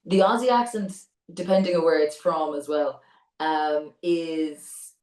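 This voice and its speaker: A young adult Irish woman, a voice actor chatting in an interview, talkative and quick to laugh. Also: low voice, fairly even intonation, darkish tone, roomy sound, recorded from a distance, low-quality recording. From Ireland. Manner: chatty, laughs often, many restarts. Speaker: voice actor guest. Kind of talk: casual interview chat.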